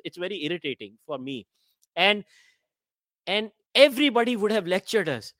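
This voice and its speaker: Man from India, podcast host, slightly high voice, dry sound, blunt and profane. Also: sing-song, normal speed, long pauses, a bit bright, no room sound. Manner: blunt and profane, openly irritated. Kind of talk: podcast interview.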